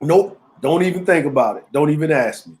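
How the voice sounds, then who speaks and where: A middle-aged man with a fairly high speaking voice, co-hosting a relaxed talk show. He tells stories with animated, teasing energy. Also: fairly quick, low-quality recording. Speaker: podcast co-host. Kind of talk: casual chat.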